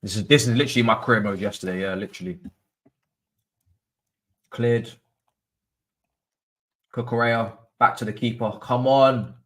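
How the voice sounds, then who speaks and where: Young guy yelling at his team during a watchalong, sharp bright voice, fired up fan rant. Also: mid-range voice, moderate pace, pauses often. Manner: excitable, frustrated fan, swears and rants at the game. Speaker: host of a football watchalong. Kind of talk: live match reaction commentary.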